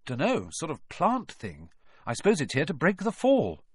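A man reading aloud, voicing a steady, brave young schoolboy wizard who speaks with urgency. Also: a little high, moderate pace, breathy edge, dry recording, clean studio sound, pitched above the performer's own voice, heavily acted. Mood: reassuring.

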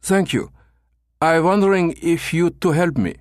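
A man voicing a man faking a thick German accent, speaking halting, broken English. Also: a little high, no echo, clean studio sound, voice pushed up. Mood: eager.

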